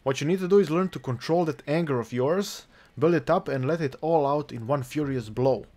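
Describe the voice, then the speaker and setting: A man's voice: on the high side, a little fast, darkish tone, close to an everyday voice. A man reading game dialogue aloud as a middle-aged male blacksmith giving advice, in a matter-of-fact, lightly theatrical way. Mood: advising.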